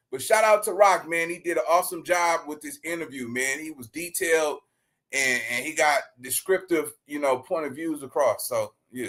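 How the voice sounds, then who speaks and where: A man's voice: fairly high pitch, a bit bright. A man giving blunt, profane reaction commentary as a streamer, ranting casually to his viewers.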